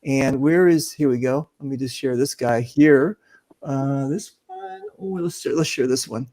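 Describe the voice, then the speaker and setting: A man's voice: medium pitch, very animated, unhurried, dark tone, no room sound. A man hosting a casual video-call chat, joking and rambling with lots of fillers. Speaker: host.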